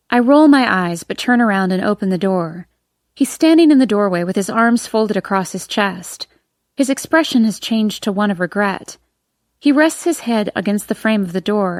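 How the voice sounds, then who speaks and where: A woman narrating a first-person audiobook in an expressive, emotional reading. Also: medium pitch, no room sound, studio quality.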